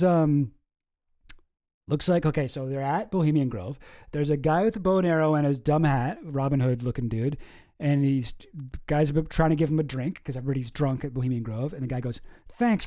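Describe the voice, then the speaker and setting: A man's voice: a little high, fairly quick, warm tone. A man hosting a casual commentary video, rambling and sarcastic, chuckling at his own jokes. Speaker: host.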